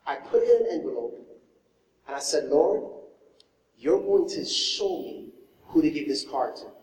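A male pastor preaching a sermon, telling a story with lively swings from loud exclamations to hushed asides. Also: on the high side, moderate pace. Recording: echoey hall, mic from far off.

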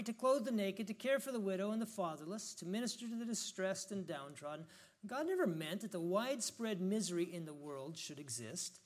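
Male preacher, high voice, casual reflective sermon, reads scripture with rising emphasis. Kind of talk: informal sermon with scripture reading.

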